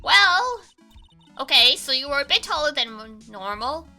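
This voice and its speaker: A cheerful, naive teenage sidekick from a video game, read aloud by a woman. She talks breezily in a bright, bouncing voice. Faint music sits under her. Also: sits high, sing-song, unhurried, pitched above the performer's own voice, exaggerated voice. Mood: breezy. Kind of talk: reading game dialogue aloud.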